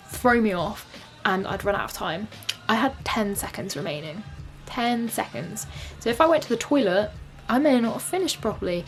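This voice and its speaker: A young woman, talking casually to camera in a rambling, chatty way full of fillers. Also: medium pitch. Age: young adult. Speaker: vlogger. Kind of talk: casual vlog chat.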